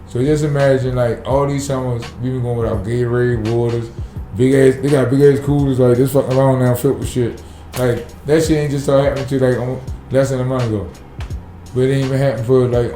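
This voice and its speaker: A man's voice: mid-range voice, steady tone, fairly quick, dark tone, roomy sound, soft background music. A man, a city sanitation worker talking bluntly and profanely in a casual podcast interview.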